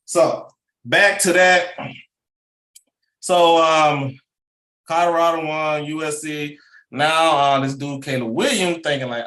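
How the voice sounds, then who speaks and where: A middle-aged man giving casual, rambling sports commentary as a channel host, animated and full of slang. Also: mid-range voice, unhurried, roomy sound, low-quality recording.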